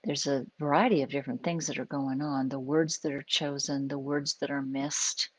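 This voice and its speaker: A woman's voice: very deep voice, fairly even intonation, moderate pace, dry recording, rough recording. A woman psychologist hosting a live stream, giving an unscripted, conversational talk and acting out little examples as she explains.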